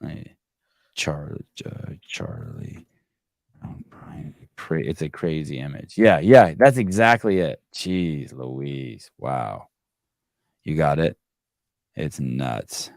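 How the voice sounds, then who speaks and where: A man's voice: a bass voice, expressive, slow pace, gravelly, a little mellow, no room sound, studio quality. A man in his forties hosting a call-in podcast, telling blunt, profane stories in casual chat. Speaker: podcast host.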